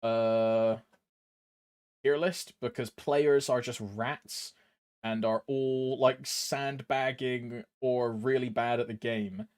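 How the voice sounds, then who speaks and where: A man's voice: mid-range voice, steady tone, slow pace, darkish tone, clean tone, no echo, studio quality. A young man chatting casually while streaming a game, rambling, laughing often and using crude slang.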